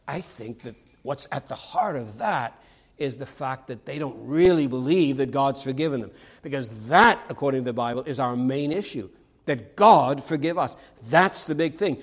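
A man's voice: medium pitch, expressive, normal speed, rough recording. A man preaching a sermon in an earnest, emphatic way, stressing key words and often restarting phrases.

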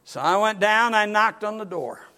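An older pastor tells a story in a folksy, animated way. His voice sits high for a man and swings widely in pitch. He acts out the quotes as he goes. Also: moderate pace. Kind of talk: storytelling sermon.

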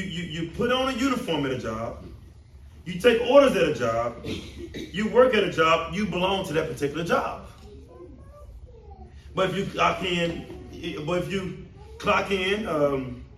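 A man preaches with an emphatic, repetitive delivery and a fairly high voice. The room is echoey and the mic sits some way off. A faint ambient hum runs underneath. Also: recorded from a distance. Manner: emphatic, repeats phrases for stress. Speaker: pastor. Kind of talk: sermon.

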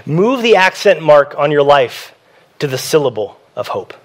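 A pastor giving a sermon in a conversational preaching manner, repeating key phrases for emphasis. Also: male voice, a little high, sing-song, moderate pace.

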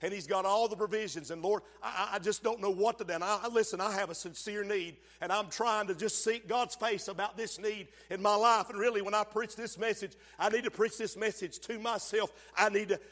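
Male preacher, high voice, fervent sermon full of shouts and asides, long church reverb. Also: fairly even intonation, fairly quick, hardly any pauses. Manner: fervent preaching, swells to shouts and drops low, calls to the congregation. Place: church sanctuary.

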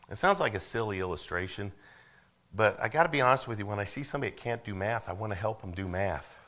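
A middle-aged pastor with a lowish voice preaches a sermon, stumbling over repeated words. He calls for amens and builds to loud, rising passages.

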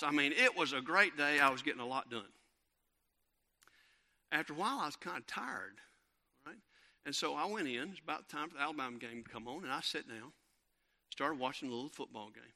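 Male preacher, middle-aged, bright and slightly high voice, storytelling sermon. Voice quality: bright, animated storytelling with frequent fillers and restarts.

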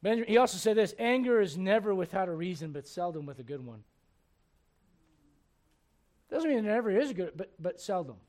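High-voiced, animated male preacher. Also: a little fast, long pauses. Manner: animated, rousing, asks the congregation questions. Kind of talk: sermon. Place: church before a congregation.

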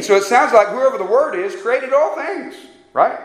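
A man's voice: high voice, very animated, moderate pace, reverberant, poor audio. A man preaching a sermon, repeating key phrases for emphasis and putting questions to his congregation.

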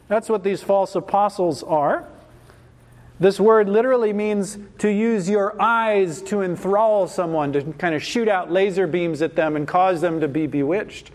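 A man's voice: high-pitched, a little mellow. A man preaching a sermon, reading a Bible passage and then commenting on it in an emphatic, dramatic way. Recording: long hall reverb.

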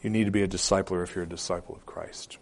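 A male pastor preaching a sermon, repeating phrases for emphasis and moving between loud declarations and quiet, hushed appeals. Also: deep voice, fairly even intonation, fast talker, vocal fry, slight background noise. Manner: repeats phrases for emphasis with occasional filler hesitations.

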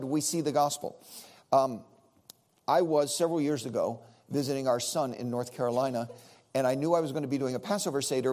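A middle-aged man, a Baptist preacher leading a Seder, telling a story in a sermon with lively, repetitive phrasing. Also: mid-range voice. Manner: animated, repeats words while telling a story.

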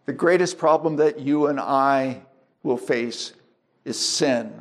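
A male pastor delivering a sermon at an unhurried, measured pace. His voice sits in an ordinary middle register, and he works through his points with plain everyday illustrations, sometimes stopping and restarting a phrase before pressing on. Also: mid-range voice. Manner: slow, deliberate preaching with homely illustrations and restarts.

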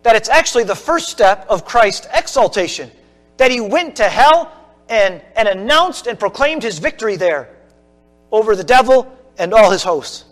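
High-voiced man preaching in a church. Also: big pitch swings, normal speed, fairly bright tone, in a large hall, faint music behind. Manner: earnest explanatory teaching, with restarts. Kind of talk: teaching sermon.

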